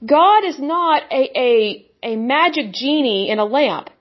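High-voiced woman preaching with scorn. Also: animated, measured pace, muffled recording. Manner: blunt, scornful, mocks opponents in put-on voices. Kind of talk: impassioned religious monologue.

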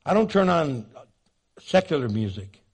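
A man preaching a sermon, animated and jokey, acting out the scenes he describes. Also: fairly high pitch, a little slow, slightly rough. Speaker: pastor.

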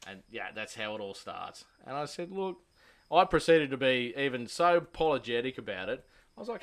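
A man's voice: mid-range voice, expressive, fairly quick. A young Australian man telling a rowdy pub story in casual chat, swearing heavily and acting out the lines he quotes. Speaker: podcast host.

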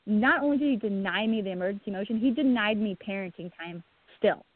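A woman's voice: mid-range voice, dry recording. Woman telling her story over a phone line. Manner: halting, many restarts, voice breaking. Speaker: guest, bereaved mother. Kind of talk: emotional personal account.

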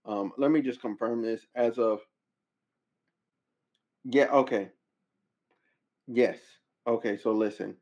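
Male podcast host, slangy and incredulous, mid-pitch voice, slightly dull lo-fi audio. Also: takes it slowly, pauses often. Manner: animated, incredulous outbursts, slangy. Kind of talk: casual commentary.

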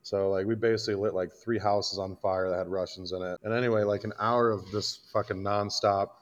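A man's voice: on the low side, fairly even intonation, a little fast, muffled recording. A man from Iowa, a combat veteran guest, bluntly telling a war story in casual, profane podcast talk. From Iowa, United States.

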